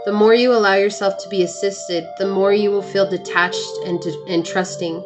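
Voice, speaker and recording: A woman in a tarot reading, speaking softly and encouragingly to her viewers as she reads out card messages. Her pitch sits in a middling range. Faint music plays quietly underneath. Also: fairly even intonation, normal speed. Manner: soothing, encouraging, reads card texts aloud. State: hiccuping. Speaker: tarot reader.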